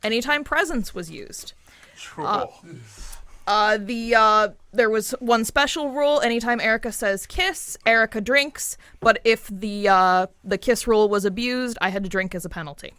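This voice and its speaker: A woman's voice: a little high, normal speed, fairly bright tone, no echo. A woman on a tabletop game podcast, chatting casually and laughing, reading a list with many ums and uhs. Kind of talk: casual laughing chat between players.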